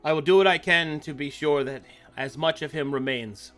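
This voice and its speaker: A cold, formal temple official who speaks in measured, deliberate phrases, as a man puts him on. His voice is bright and ringing, and faint music plays behind him. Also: fairly high pitch, natural voice. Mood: stern.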